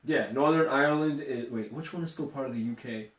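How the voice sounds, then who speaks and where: A man's voice: mid-range voice, a little fast. A man co-hosting a podcast, chiming in with dry, teasing remarks. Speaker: podcast co-host. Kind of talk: casual chat. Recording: echoey room, mic at a distance.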